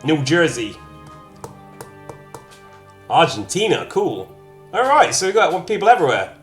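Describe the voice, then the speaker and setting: A man's voice: on the high side, very animated, a little slow, soft background music. A man casually chatting to his live-stream viewers as he plays a game, reading out their comments with jokey asides. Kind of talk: casual live-stream chat while gaming.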